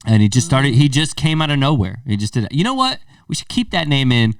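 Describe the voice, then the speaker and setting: A man's voice: mid-range voice, fast talker, no room sound, clean studio sound, distant mic. A young man co-hosting a podcast, telling a story casually, swearing and acting out what people said. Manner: animated, swearing, acts out quoted lines. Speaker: podcast co-host.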